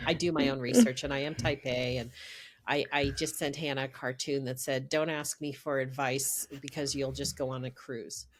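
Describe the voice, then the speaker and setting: A middle-aged woman, a podcast guest, telling a story in a lively, casual way and laughing as she goes. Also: rumbling low, normal speed.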